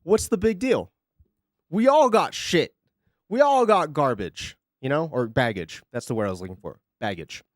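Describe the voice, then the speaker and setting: A man's voice: mid-range voice, big pitch swings, a little fast, hardly any pauses, dry recording. Brief: young male streamer, ranting casually and sarcastically, bouncy tone, dry close mic. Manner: sarcastic, profane, rambling. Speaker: live streamer. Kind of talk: casual chat on a live stream.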